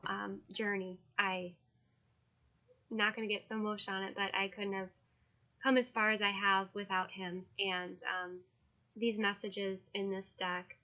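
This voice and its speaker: Woman, tarot reader, casual deck walkthrough, halting and emotional, monotone, muffled sound. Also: medium pitch. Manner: emotional, halting, with frequent fillers.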